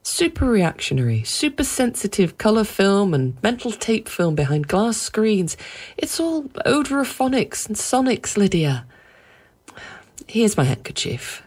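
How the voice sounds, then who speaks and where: A woman's voice: mid-range voice, sing-song, unhurried, a little mellow, breathy edge, pitched above the performer's own voice. A woman reading aloud voices an easygoing husband who talks in a light, amused, reassuring way. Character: easygoing amused husband, middle-aged man.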